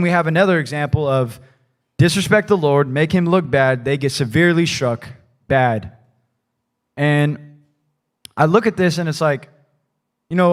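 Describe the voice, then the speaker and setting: A man preaching a conversational sermon in a church, talking casually and loosely, often adding "like" and "right?". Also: fairly high pitch. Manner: casual, rambling, peppered with "like" and "right?". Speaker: pastor.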